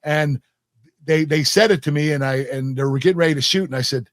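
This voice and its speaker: A man's voice: on the high side, brisk, dry recording, clean studio sound. A man in his fifties with an American accent, a guest telling stories in a casual interview, laughing often and acting out quoted lines. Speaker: guest, retired pro wrestler.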